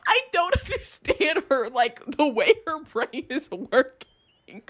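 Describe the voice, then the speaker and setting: A young woman talks over a clip on her stream, laughing in disbelief and swearing freely. Her voice sits high and swings widely in pitch. The tone is loose and chatty, like a casual reaction video. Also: sing-song, slow, a bit bright.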